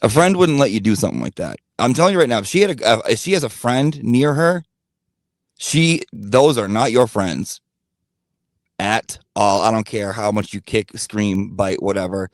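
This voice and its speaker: A man with a lowish voice rants straight at his regular viewers in casual commentary. He swears freely and hammers his points by repeating them. The sound is dry and close. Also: animated, moderate pace, no room sound. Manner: blunt, profane, repetitive emphasis; talks directly to his audience. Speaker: commentary channel host.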